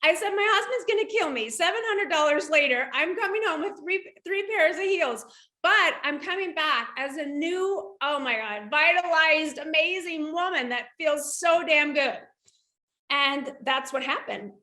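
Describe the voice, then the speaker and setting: A middle-aged woman guest telling a personal story in an interview, animated and lively, with frequent restarts. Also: high voice, measured pace, echoey room. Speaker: guest entrepreneur.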